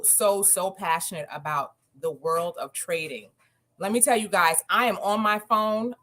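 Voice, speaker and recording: A woman's voice: mid-range voice, bright, forceful tone. A woman giving an earnest, upbeat personal testimonial on an online call. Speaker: guest speaker sharing a testimonial.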